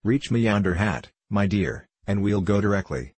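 A man's voice: on the low side, expressive, normal speed, darkish tone, husky, no echo. A man reading the part of a gleeful, cruel grown male dwarf, coaxing in a leering way and then threatening savagely. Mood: wheedling.

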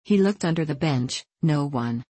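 Woman narrator, low voice, dry close recording. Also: expressive, normal speed, dark tone, slightly rough, no echo. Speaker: audiobook narrator. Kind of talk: storybook reading.

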